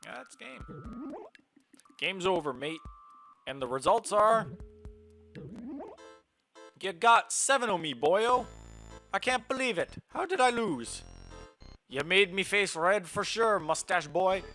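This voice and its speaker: A man's voice: sits high, expressive, takes it slowly, pauses often, pushed and bright, faint music behind, voice pushed up, full character voice. A man voicing a cocky, taunting male ghost who collects jars, in a put-on mock Irish brogue. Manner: swaggering, teasing, theatrical.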